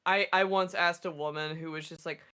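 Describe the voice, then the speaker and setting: A woman's voice: on the low side, steady tone, brisk, bright, forceful tone, clear, resonant tone. A woman chatting casually on a live art stream, telling stories with many likes and restarts.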